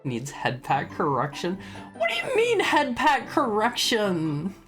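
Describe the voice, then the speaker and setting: A man's voice: high voice, wildly swooping pitch, a little slow, fairly bright tone, faint music behind. A young man streaming from home, chatting casually with his chat, stammering and laughing often as he reads messages. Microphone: studio microphone.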